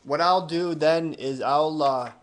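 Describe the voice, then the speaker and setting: A man hosting a casual interview who asks questions in a relaxed, friendly way. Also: fairly high pitch, takes it slowly. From United States. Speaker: interview host.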